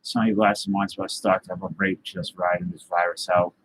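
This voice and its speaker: Husky guy chatting with viewers. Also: low voice, level tone, fairly quick, a bit bright, rough recording. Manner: rambling, loose, greets chatters by name. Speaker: livestream host. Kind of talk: casual live chat reading viewer comments.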